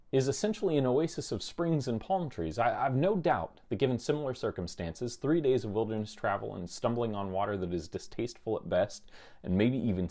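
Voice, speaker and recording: A man giving a short devotional talk from his office into a microphone, calm, measured and reflective. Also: lowish voice. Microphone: studio microphone.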